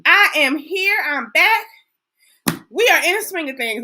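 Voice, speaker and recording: A woman's voice: very high voice, animated, unhurried, bright, forceful tone, slight background noise. A middle-aged woman host, chatting folksily and talking straight to her viewers. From Texas. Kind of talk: casual livestream chat.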